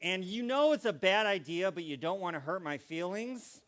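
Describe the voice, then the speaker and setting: A man's voice: high voice, expressive, normal speed, fairly bright tone. A man giving a playful, interactive talk to a live congregation, acting out vocal inflections and quizzing the audience. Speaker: guest speaker at a spiritual community gathering.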